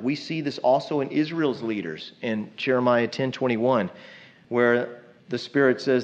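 A man's voice: mid-range voice, dull audio. A man preaches a sermon in a conversational, emphatic way, often putting questions to the congregation.

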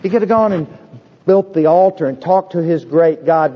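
A man preaching a sermon with a husky voice, emphatic and repetitive, asking the congregation rhetorical questions. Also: sits high, normal speed, long reverb tail, muffled recording. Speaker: pastor.

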